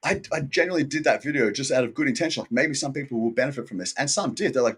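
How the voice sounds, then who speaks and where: Man, interview guest, husky voice, laid-back rambling, lots of dude and like. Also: mid-range voice, expressive, racing, hardly any pauses, a bit bright. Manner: acts out quoted people in his story. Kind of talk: casual interview chat.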